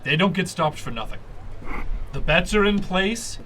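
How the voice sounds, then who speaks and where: A blunt, gambling dinosaur-race patron from a tabletop game, played by a man running the game. He talks in a folksy way, swears casually and restarts his phrases. The voice is bright and forceful. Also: sits high, expressive, normal speed, voice pushed up. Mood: earnest. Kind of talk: game master voicing a character.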